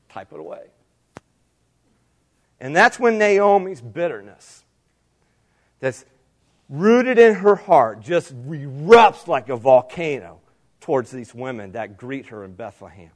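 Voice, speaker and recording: High-voiced male pastor preaching. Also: expressive, unhurried, long pauses. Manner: preaching with rising emphasis and direct appeals. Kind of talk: sermon.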